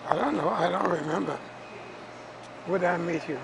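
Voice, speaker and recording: An elderly man in his eighties talks in short, confused questions. His voice is high for a man. Steady traffic noise runs behind him. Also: normal speed, gravelly. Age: 80s.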